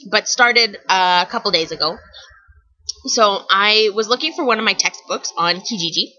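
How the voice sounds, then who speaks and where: A young adult vlogger tells funny stories to her camera in a chatty way, with plenty of fillers and restarts. Her voice sits on the low side with a sharp tone, and the audio is dull with no echo.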